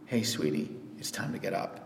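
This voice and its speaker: A man voicing a gentle man who tenderly wakes a girl, in a soft, hushed voice. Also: moderate pace, far from the mic, close to an everyday voice. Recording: echoey church hall.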